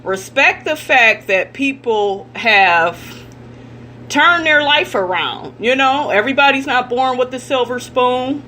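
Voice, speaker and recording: Bright-voiced woman ranting blunt gossip. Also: high voice, expressive, slow, slight background noise. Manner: blunt, profane and indignant, addressing viewers directly. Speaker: celebrity gossip vlogger. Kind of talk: ranting commentary vlog.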